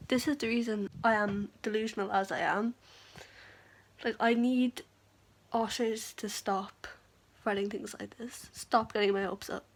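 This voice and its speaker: A young woman chatting excitedly in a reading vlog, reacting to her book and reading passages aloud, her talk full of "like" fillers. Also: medium pitch, a little hiss or hum, poor audio. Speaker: book vlogger.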